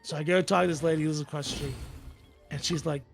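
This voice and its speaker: A man's voice: a little high, fairly even intonation, fast talker, creaky, over music. A man telling a story in casual chat, rambling and swearing freely. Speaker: tv reporter guest.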